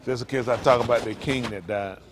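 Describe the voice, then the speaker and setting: A man's voice: mid-range voice, fast, noisy background. A man, a pastor preaching in an informal, joking way. He laughs, teases the congregation and keeps asking "isn't that right?". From United States. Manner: animated, laughing, teasing the congregation. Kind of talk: informal joking sermon talk.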